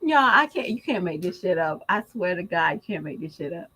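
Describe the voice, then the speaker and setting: A woman's voice: fairly low pitch, big pitch swings, brisk, sharp tone, breathy edge, poor audio. A woman vlogger giving casual gossip commentary, slangy and emphatic, who laughs often as she talks.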